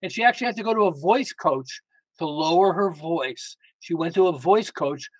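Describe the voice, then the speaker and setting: High-voiced emphatic male guest. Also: normal speed, no echo, low-quality recording. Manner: emphatic, lively storyteller with frequent restarts. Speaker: guest author. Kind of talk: casual interview talk.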